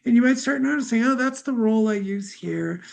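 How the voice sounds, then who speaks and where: Gravelly-voiced woman guiding a healing session. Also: fairly high pitch, animated, fairly quick. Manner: gentle, musing, many fillers, speaks her feelings as they come. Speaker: energy healer leading a live healing session. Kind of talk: guided healing talk.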